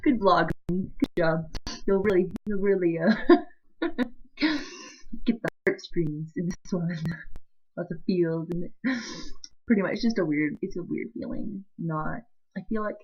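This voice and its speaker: A young woman vlogging about leaving home, teary and emotional, rambling and halting as she laughs through the tears. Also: medium pitch, a little mellow, husky, muffled recording. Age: young adult. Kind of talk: emotional vlog confession.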